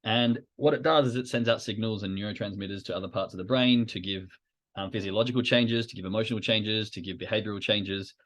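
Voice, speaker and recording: Podcast guy explaining stuff casually, lots of ums, lowish voice. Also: fairly even intonation, quick pace, a bit bright. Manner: explanatory, informal, with fillers. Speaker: podcast host. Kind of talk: educational podcast talk.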